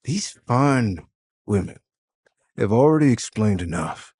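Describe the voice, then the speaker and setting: Guy doing a stern disappointed dad, low slow voice, dry sound, audio drama. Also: big pitch swings, a little mellow, breathy edge, no room sound, heavily acted. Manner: firm, scolding. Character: stern disappointed middle-aged father.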